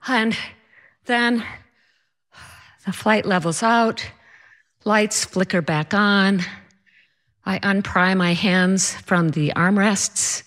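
Slow, wry woman storyteller. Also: mid-range voice, fairly even intonation, a bit bright. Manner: wry, self-deprecating, dramatic. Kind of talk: personal story told to an audience.

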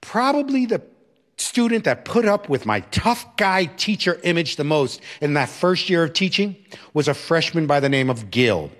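Middle-aged man, storyteller, lively voice, slightly high, emphatic, reflective. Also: moderate pace. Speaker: storyteller, educator. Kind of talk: personal storytelling.

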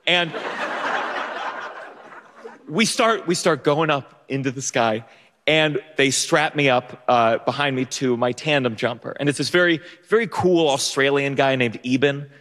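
A man's voice: mid-range voice, a little slow, a bit bright. A young man telling a personal story on stage, nervous and self-mocking, with many restarts and laughs. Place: stage before an audience. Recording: long stage reverb.

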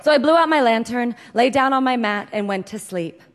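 A woman reading a comic story aloud with deadpan, dry timing. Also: on the high side, fairly quick, noisy background. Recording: long hall reverb.

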